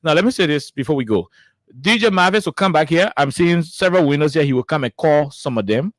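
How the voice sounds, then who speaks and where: A man from Liberia hosting a radio call-in show, greeting callers briskly and calling them brother. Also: fairly high pitch, expressive, no room sound.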